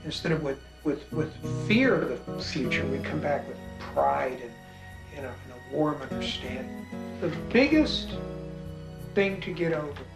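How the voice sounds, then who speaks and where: A man's voice: a little high, expressive, measured pace, vocal fry. Reflective middle-aged man over guitar music. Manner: thoughtful, repeats words as he searches. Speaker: author. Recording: roomy sound with guitar music underneath.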